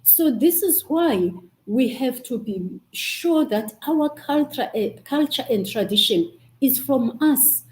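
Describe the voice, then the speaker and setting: A woman's voice: high voice, lively intonation, slow pace, hardly any pauses, a little mellow, roomy sound, low-quality recording. A woman with a Xhosa accent hosting over a video call, giving an emphatic, preacher-like inspirational talk. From South Africa. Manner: emphatic, preacher-like, rising bursts. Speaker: host.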